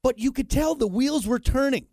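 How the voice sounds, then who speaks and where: A man's voice: very high voice, normal speed, darkish tone, no room sound, clean studio sound. A man in his thirties hosting a morning radio show, telling a self-deprecating story full of fillers. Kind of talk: casual morning show banter. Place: radio studio. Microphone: studio microphone.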